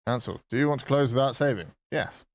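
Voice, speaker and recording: A man's voice: mid-range voice, lively intonation, quick pace, no room sound. A man from southwest England, chatting casually and joking with his live-stream chat while coding, swearing freely.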